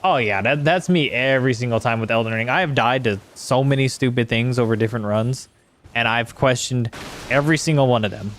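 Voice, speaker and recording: A man's voice: mid-range voice, fairly quick, fairly bright tone, slight background noise. Sweary man chatting while gaming. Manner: rambling, sweary, talks to chat while playing. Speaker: streamer. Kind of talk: casual gameplay chat.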